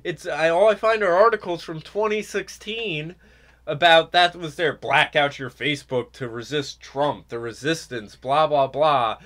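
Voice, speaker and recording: Bright-voiced ranting male podcast host. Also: on the high side, unhurried. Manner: ranting, sarcastic, mocking mimicry. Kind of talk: political commentary chat.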